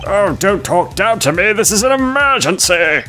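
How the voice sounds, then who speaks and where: A man voicing a frantic, gruff, very old male rabbit in a fan-made game, over faint game music. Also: sits high, expressive, normal speed, bright, forceful tone, pitched above the performer's own voice.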